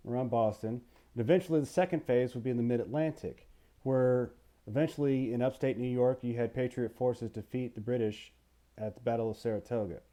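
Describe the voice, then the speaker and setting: A man teaching a history lesson in a playful, animated way, asking the listener questions and now and then putting on voices. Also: mid-range voice, brisk. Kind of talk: recorded history lecture.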